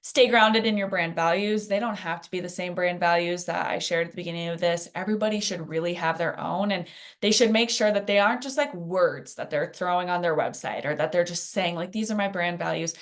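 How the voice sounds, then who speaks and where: A woman with a somewhat low voice leads a live workshop. She talks in a loose, conversational way, full of fillers and friendly asides. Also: fairly quick. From Phoenix. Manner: chatty, conversational with many fillers. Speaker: workshop presenter. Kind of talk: casual teaching in a live workshop.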